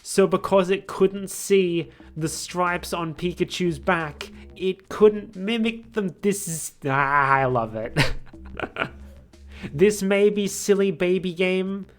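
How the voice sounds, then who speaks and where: A man's voice: high-pitched, slow pace. Chatty amused guy streaming a game, mid voice, faint music. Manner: chatty, amused, thinks aloud. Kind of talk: casual gaming stream commentary.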